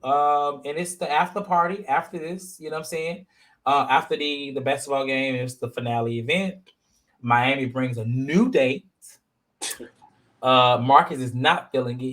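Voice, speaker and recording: A man hosting a casual reality-TV review chat, talking in a slangy, animated, rambling way with many fillers. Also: mid-range voice. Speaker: podcast host.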